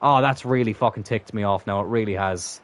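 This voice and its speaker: A man's voice: fairly low pitch, brisk. Exasperated man swearing at a game. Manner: swears constantly, exasperated outbursts then muttering. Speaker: gaming channel host. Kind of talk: live gameplay commentary.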